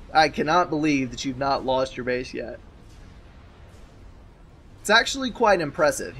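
A man casting a real-time strategy match, giving calm running commentary with dry, wry asides. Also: a little high, a little hiss or hum. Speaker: game caster. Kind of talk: game commentary.

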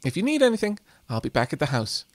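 A man's voice: on the high side, huge pitch swings, dry recording. Man putting on a fussing old granny. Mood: doting. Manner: fussy, doting, rapid questions. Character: fussing elderly grandmother, doting and chatty.

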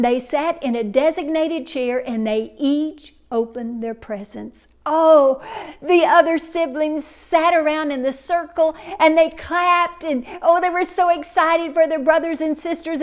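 A woman with a fairly high voice tells an inspirational story at an unhurried pace. Her delivery is expressive and often sinks to a near whisper for emphasis. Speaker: inspirational speaker.

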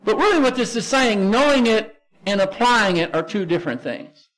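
A man with a Texan accent preaching a sermon as pastor, conversational and emphatic, slowing down to stress key phrases. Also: high-pitched, expressive, a bit bright, rough recording.

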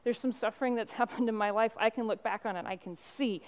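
Woman pastor, middle-aged, impassioned sermon delivery, storytelling with pointed pauses. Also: on the high side.

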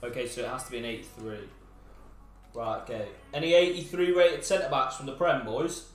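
A young man live-streaming a football video game, bantering with his chat, teasing viewers and breaking into sudden shouts. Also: mid-range voice, fairly quick, roomy sound, soft background music.

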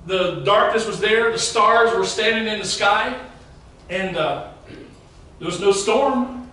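A middle-aged pastor with a high voice for a man preaches a sermon, telling his story to the congregation in an easygoing, conversational way. His voice rings through a big, very echoey church hall, picked up from a distance with a faint hum of room noise behind it. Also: takes it slowly, bright, forceful tone. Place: large church sanctuary. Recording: very echoey hall, mic far off.

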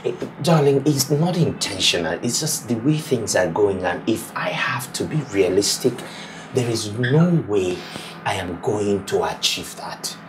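A stammering Nigerian groom-to-be. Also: male voice, on the low side, animated, unhurried. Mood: pleading. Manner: stammering, repeats words. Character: anxious young groom-to-be, earnest and eager. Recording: noisy background hum.

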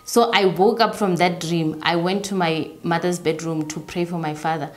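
Halting woman, slightly low voice. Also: steady tone. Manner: halting, repeats herself, voices others' words softly. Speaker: interviewee. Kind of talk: personal storytelling.

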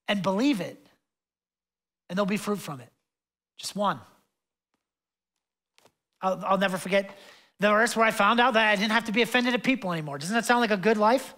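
This young adult man preaches as a pastor with a loose, conversational flow, heavy on fillers and asides. Passion drives him from loud passages into hushed ones, and his voice is high.

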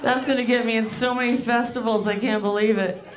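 A woman's voice: fairly high pitch, fairly even intonation, fairly quick, crowd noise. Rambling crude woman doing stand-up. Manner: loose, rambling, crude and self-mocking. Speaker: stand-up comedian. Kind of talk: stand-up comedy set. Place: comedy club stage. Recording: live club set with audience laughter.

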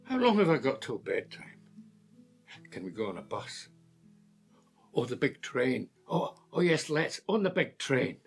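A man's voice: mid-range voice, very animated, a little slow, gravelly, pauses often, breathy edge, soft background music, exaggerated voice. An actor playing an older man with dementia who talks like a child, confused and repeating himself. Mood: pleading. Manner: childlike pleading, repeats words. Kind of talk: stage drama acting.

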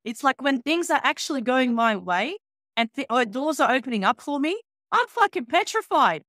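Candid, animated woman podcast host. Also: high voice, brisk, no echo, clean studio sound. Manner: candid and animated, swears freely, acts out conversations. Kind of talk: casual interview chat.

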